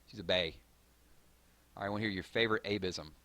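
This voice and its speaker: A live-stream host talks fast in a low, bright voice that is steady and forceful. Loose and rambling, he works through viewer comments with many fillers, restarts and self-corrections.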